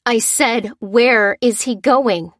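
A woman voicing a fierce, determined young woman fighter with a forceful, commanding delivery. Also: a little high, slow, dry recording, clean studio sound, pitched above the performer's own voice. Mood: menacing.

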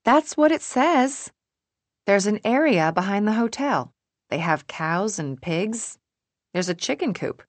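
A woman reading an audiobook, voicing May, an organized young woman friend who keeps to the plan in a brisk, matter-of-fact way. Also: mid-range voice, sing-song, dry recording, pitched above the performer's own voice.

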